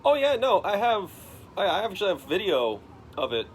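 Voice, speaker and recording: A young man playing a gushing bystander, pitched way up. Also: big pitch swings, brisk, a little hiss or hum. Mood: wary. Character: excitable male bystander with video, distrustful.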